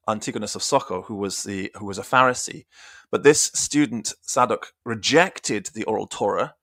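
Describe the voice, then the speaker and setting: A man's voice: on the low side, fairly bright tone, no room sound. Man teaching scripture, dry close sound. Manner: thinking aloud, with restarts, reading passages aloud. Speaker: Bible study teacher. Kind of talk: informal scripture teaching on a livestream.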